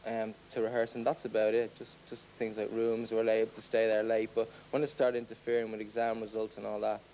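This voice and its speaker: A man's voice: fairly low pitch, monotone, quick pace, warm tone, slight background noise, poor audio. A man answering a question on a TV studio show, hesitant and plain-spoken, with lots of ums. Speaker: rock drummer answering an audience question. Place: TV studio with an audience.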